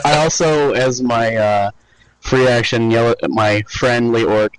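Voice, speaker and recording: A man's voice: mid-range voice, steady tone, slow pace, pauses often, smooth, no room sound, low-quality recording. A man playing a tabletop game, playful and keen to act out his character. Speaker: player. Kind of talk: casual game talk.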